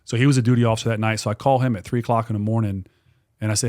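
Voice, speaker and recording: A man in his forties, a guest on a podcast, telling a story in a casual, animated way with lots of restarts and some swearing. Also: on the low side, rapid-fire. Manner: animated, repetitive, swears freely. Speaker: guest, dog trainer and business owner.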